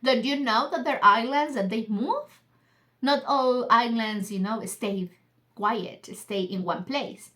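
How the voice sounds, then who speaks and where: A woman's voice: on the high side, slow pace, bright, forceful tone. A woman reading the lines of a grumpy, dismissive male albatross in a storybook, keeping close to her own casual voice. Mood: scornful. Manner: casual, paraphrases the bird loosely.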